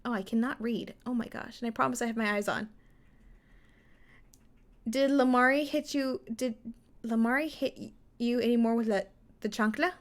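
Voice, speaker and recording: A woman's voice: on the high side, normal speed, long pauses. A young woman streaming live, chatting with her viewers while reading a story game aloud. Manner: chatty, reads game text aloud, answers chat.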